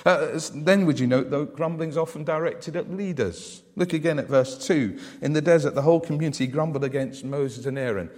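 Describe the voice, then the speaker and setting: A man with a high-leaning voice and a darkish tone preaches a sermon conversationally. He often puts rhetorical questions to the congregation, and the recording carries long hall reverb.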